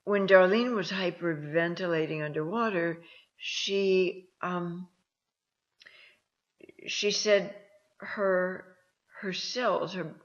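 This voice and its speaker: Woman host, unhurried storyteller, gravelly edge, halting delivery, dull lo-fi recording. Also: lowish voice. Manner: slow, halting, with many ums and restarts. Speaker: host and counselor. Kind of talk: personal storytelling talk. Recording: dull lo-fi sound.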